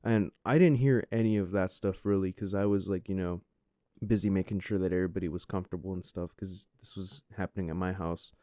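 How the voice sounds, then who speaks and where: Man, 20s, podcast host, rambling casual story, fairly low dark voice, dry close sound. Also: fairly even intonation, fairly quick, dry recording. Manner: rambling, full of "like" and "you know" fillers.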